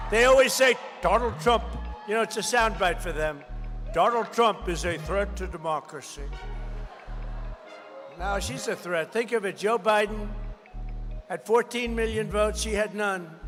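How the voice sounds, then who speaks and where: A man giving a campaign rally speech, emphatic and repetitive, often shouting his lines to the crowd. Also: high voice. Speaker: political candidate. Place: large rally venue. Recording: long hall reverb with faint music.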